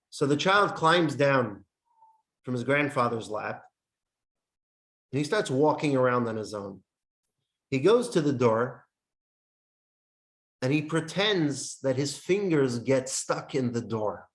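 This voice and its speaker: A man's voice: a little high, very animated. Man teaching in an echoey room. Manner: speaks in short emphatic phrases with pauses; reads from a text handout. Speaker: teacher of a Jewish meditation class. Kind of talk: classroom lesson with storytelling. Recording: roomy echo.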